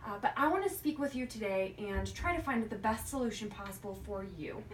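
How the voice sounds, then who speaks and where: A young woman playing a hospital social worker in a practice interview, speaking gently and carefully with frequent ums. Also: fairly high pitch, lively intonation, a little fast. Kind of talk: practice interview role-play. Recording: roomy, distant mic with faint noise.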